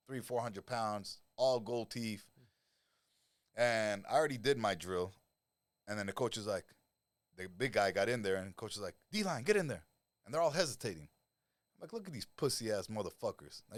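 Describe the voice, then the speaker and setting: Deep-voiced man telling blunt street stories. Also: no echo. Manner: blunt, profane street talk. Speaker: interview guest. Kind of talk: storytelling interview. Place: podcast studio.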